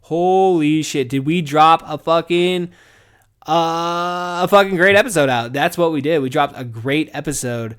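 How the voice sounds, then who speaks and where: A young adult man with a fairly high pitch, moderate pace, and clean tone delivers a casual podcast monologue from his garage office. He rambles and swears, laughs a lot, and swings from mumbled asides to loud, excited bursts.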